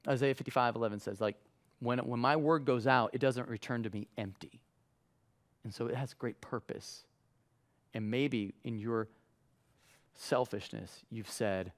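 A man preaching a sermon in a conversational way, acting out quotes with lively voices. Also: on the low side, moderate pace. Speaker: pastor.

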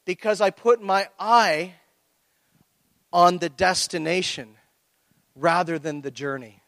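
A pastor preaching a sermon, telling a personal story with lively acted-out reactions. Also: male voice, high voice, takes it slowly, no room sound, in a large hall. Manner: animated storytelling, acting out his own reactions. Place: church.

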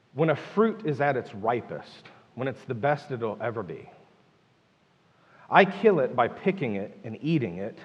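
A man's voice: medium pitch, breathy edge, in a large hall, muffled recording. A man preaching a sermon, emphatic and full of rhetorical questions. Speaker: pastor.

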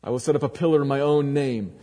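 A man preaching a sermon dramatically, swinging from loud emphatic lines to low, quiet ones. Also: fast. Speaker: pastor. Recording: long hall reverb.

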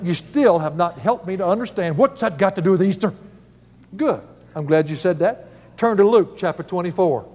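Older man, folksy preacher, higher voice, long reverb around him. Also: darkish tone. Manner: folksy, chuckling storyteller. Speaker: Bible teacher. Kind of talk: sermon with personal stories.

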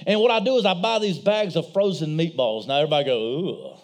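A middle-aged pastor delivers a sermon in a church, his voice sitting high and swinging widely. He tells stories with energy and acts out the voices of the people in them. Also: fast. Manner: animated storytelling, acts out voices.

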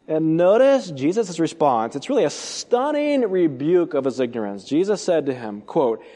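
A man preaching an expository sermon, emphatic, asking rhetorical questions and swinging between loud and soft delivery. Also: a little high, sing-song, moderate pace, hardly any pauses, in a large hall. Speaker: pastor.

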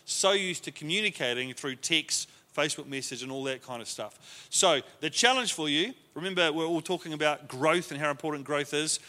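A man's voice: fairly high pitch, pushed and bright, long reverb tail. A man teaching a leadership class to a group in a conversational way, often acting out the lines he quotes.

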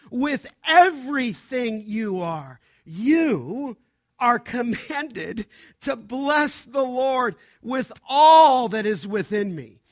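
A man preaching a sermon to his congregation, slow and emphatic, building to loud declarations. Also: extremely high pitch. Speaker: pastor.

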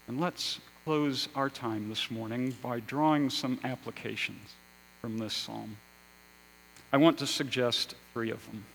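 A male pastor delivers a sermon at an unhurried, deliberate pace. His voice sits at a middle pitch, swelling for emphasis and then sinking to near-quiet. A faint electrical hum runs under the recording. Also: creaky, low-quality recording. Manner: slow, measured preaching with rising emphasis and hushed endings.

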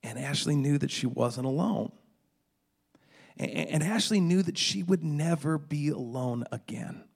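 A man's voice: a little high, expressive, a little slow, vocal fry, breathy edge. A middle-aged man preaching a sermon, retelling a story dramatically with stammered restarts. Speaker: pastor.

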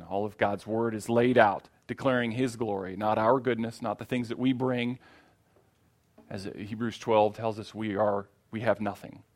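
Gravelly-voiced man preaching a sermon. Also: on the low side. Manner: earnest, repeats phrases for emphasis.

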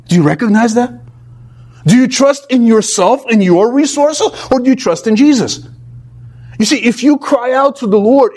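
Guy preaching, high animated voice, hammers word lists. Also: husky. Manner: emphatic, repeats words in rhythmic lists. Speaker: pastor. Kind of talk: expository sermon.

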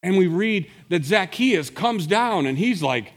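Pastor guy preaching, animated storyteller, does little voices, big hall echo. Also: sits high, measured pace. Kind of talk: sermon.

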